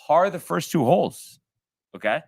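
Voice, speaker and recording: A man's voice: a little high, lively intonation, moderate pace, gravelly. A man co-hosting a casual sports show, telling a long story in a rambling way with lots of fillers. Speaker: podcast co-host.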